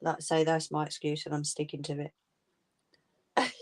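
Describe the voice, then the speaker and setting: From her home, a woman hosts a crafting livestream, her voice slightly low and darkish in tone. She talks casually and informally with viewers and laughs a lot.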